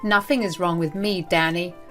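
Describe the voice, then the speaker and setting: A woman's voice: lowish voice, fairly even intonation, normal speed, a bit bright, faint music behind, lightly acted. A woman voicing a cruel older woman who runs a school, speaking with cold contempt. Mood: contemptuous.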